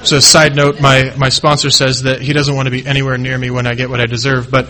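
A middle-aged man tells his own story in an earnest, halting way, often stopping and starting again. His voice is bright and forceful, and his pitch sits in the middle for a man. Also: completely flat delivery, low-quality recording. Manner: earnest and halting, with many restarts. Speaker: speaker sharing his recovery story. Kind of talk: personal testimony speech.

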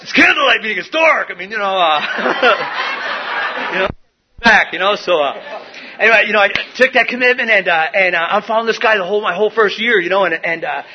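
A man's voice: high voice, a little fast, muffled recording, noisy background. A middle-aged man sharing his recovery story at a meeting, rambling with many fillers and restarts. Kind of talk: personal recovery share. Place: meeting room.

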